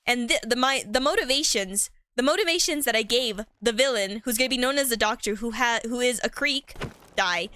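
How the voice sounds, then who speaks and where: A woman's voice: fairly high pitch, pushed and bright, no echo, studio quality. A woman streamer chatting casually while playing a game, rambling and giggly, with lots of fillers.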